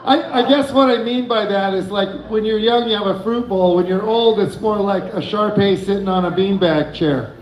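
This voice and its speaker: This man's voice sits high and moves at a moderate pace as he delivers a rambling, giggly, loosely handled stand-up set, an open-mic comedian on a bar stage with a handheld mic. The recording has an echoey room sound and a muffled mic.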